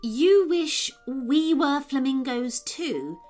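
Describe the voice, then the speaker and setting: A woman voicing a gentle, cautious female unicorn in a storybook, speaking calmly and questioningly. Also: sits high, faint music behind, voice pushed up. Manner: calm, questioning, measured.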